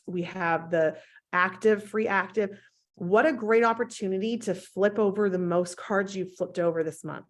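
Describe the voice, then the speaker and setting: A woman leading a team call, encouraging and coaching her team in an upbeat manner over an online call. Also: mid-range voice. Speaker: team leader hosting a call.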